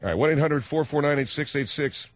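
A man's voice: a little high, fast, no room sound. A man hosting a talk radio show, rambling and joking in casual chat. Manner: rambling, jokey.

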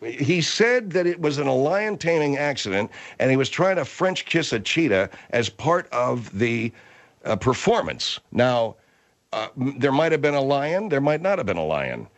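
A man hosting a comic talk radio show, talking in an exasperated, halting way. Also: medium pitch, very animated.

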